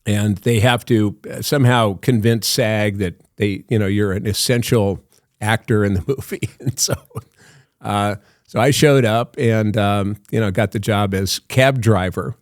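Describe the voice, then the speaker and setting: A man's voice: on the low side, steady tone, measured pace, dry recording, clean studio sound. An older man, an actor guest on a podcast, telling long anecdotes full of fillers and laughs. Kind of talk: storytelling in a podcast interview.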